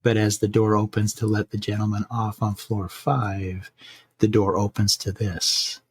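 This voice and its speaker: Husky man telling a spooky story. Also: on the low side, level tone. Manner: measured, slowing for suspense, some restarts. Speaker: podcast host telling a scary story. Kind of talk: spooky bedtime story narration.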